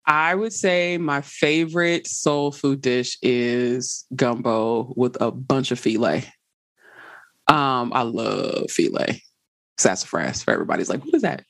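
A woman, a podcast guest chatting in an animated way and often laughing as she tells stories. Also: extremely low pitch, slow pace, gravelly. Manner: animated, laughs while telling stories, Southern slang. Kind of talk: casual conversation.

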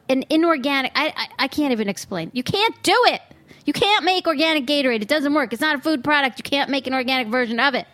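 A woman's voice: sits high, fairly bright tone, no echo. A woman hosting a food podcast in a studio, talking in an opinionated, sarcastic way with bursts of disbelief. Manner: exasperated, sarcastic, outbursts of disbelief. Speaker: podcast host. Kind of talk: opinionated solo podcast monologue. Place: studio booth. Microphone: studio microphone.

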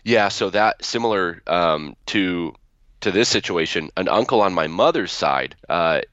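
Very low-voiced man telling stories. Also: expressive, measured pace, a bit bright, dry recording. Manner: storytelling, frequent restarts. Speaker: guest author. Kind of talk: podcast interview. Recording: dull, lo-fi.

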